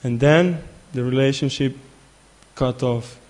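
A man giving a spiritual talk who tells a story in a halting way, repeating words and filling gaps with "uh". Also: medium pitch, darkish tone. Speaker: spiritual teacher. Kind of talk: sermon with storytelling.

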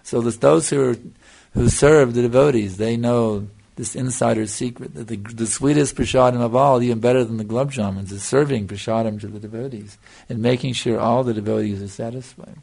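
An older man with a gravelly, fry-edged voice delivers a devotional lecture. He teaches earnestly, circling back to his points and checking in with his listeners. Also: mid-range voice, steady tone, fairly quick, few pauses, darkish tone. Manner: earnest, repeats "you see", answers questions. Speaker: spiritual teacher.

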